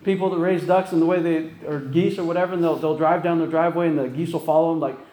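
A man's voice: on the high side, steady tone, fast talker, mellow, a little hiss or hum. A man preaching an informal sermon, talking conversationally with many restarts and frequent "right?" checks. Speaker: pastor. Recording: echoey room.

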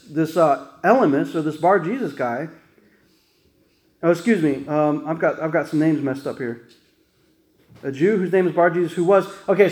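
A male pastor preaches in a loose, storytelling way, often checking in with his listeners. His voice sits a little high for a man. The room rings around him like a church sanctuary. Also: a little mellow, roomy sound, poor audio. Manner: folksy storytelling, frequent "right?" asides. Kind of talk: conversational sermon.

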